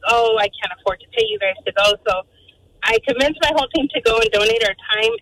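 A woman calling in to a radio show, telling a story with lively quoted voices. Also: mid-range voice, rough recording. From Arizona, USA. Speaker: caller.

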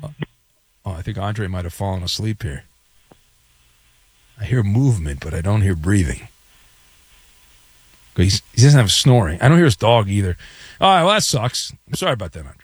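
A man's voice: on the low side, sing-song, normal speed, long pauses, husky, no echo. A man hosting a call-in sports radio show, wisecracking and sarcastic with callers. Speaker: radio sports talk host. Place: radio studio.

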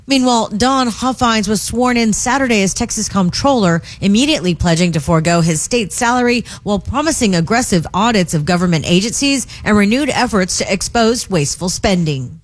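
A woman reading a radio newscast in a steady, even delivery. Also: mid-range voice. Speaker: news anchor.

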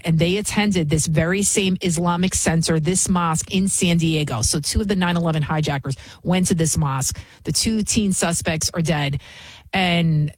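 A woman's voice: fairly low pitch, no echo, poor audio. A woman giving opinionated political commentary, emphatic and mocking, firing off rhetorical questions. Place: New York City.

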